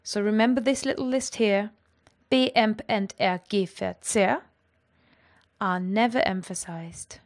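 A woman teaching a language lesson, explaining clearly and with lively energy. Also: mid-range voice, a little slow.

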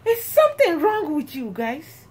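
A woman acting out her indignant sister, who scolds in a rapid, high-pitched outburst. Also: wildly swooping pitch, full character voice.

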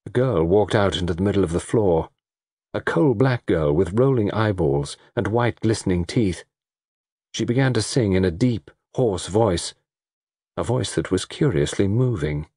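A man's voice: normal speed, dry recording, studio quality. A man reading a detective story aloud as an audiobook narrator, acting out the dialogue. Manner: reads in low, lively voice, acting out dialogue. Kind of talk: scripted narration.

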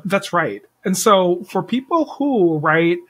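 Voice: mid-range voice, lively intonation, slow, a bit bright, husky, poor audio. An interview host asking long, rambling questions, full of hedges and "right?".

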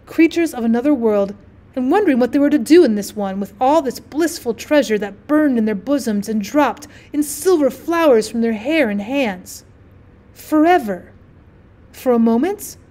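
A woman narrates a classic short story in a measured, expressive reading voice, pitched a little high. She is a teacher reading to her class. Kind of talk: literary audiobook narration.

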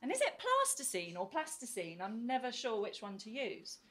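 Woman doing spoken word poetry, soft southern english accent, kinda high voice, rhymey rhythm and big pauses. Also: sing-song. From northeast England. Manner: rhythmic, rhyming delivery with dramatic pauses. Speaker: poet and teacher.

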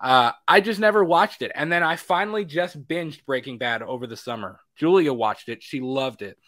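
Excitable young man in casual chat. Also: on the high side, moderate pace. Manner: animated, swearing, acts out his own reactions. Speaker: podcast co-host.

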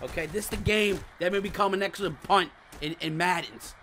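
A man doing casual, slangy commentary over a football video game, muttering low one moment and shouting with excitement the next. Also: brisk, slight background noise. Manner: casual slangy trash talk. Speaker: gaming channel host. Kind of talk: live gameplay commentary.

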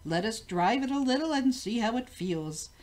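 An older woman voicing a cheerful, impulsive old king in a read-aloud storybook, with a hearty, booming manner. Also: lively intonation, moderate pace, a little mellow, natural voice. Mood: pleased.

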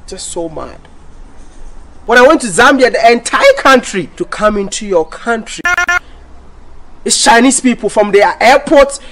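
A man's voice: very high voice, lively intonation, measured pace, long pauses, a crowd in the background. A man vlogging to camera in an indignant, repetitive rant, often restarting his sentences. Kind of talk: ranting vlog to camera.

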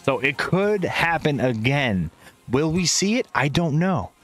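A man's voice: a little high, sing-song, unhurried, faint music behind. A man casting an esports match live with playful play-by-play, inventing silly words and chatting with viewers between plays. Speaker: esports caster.

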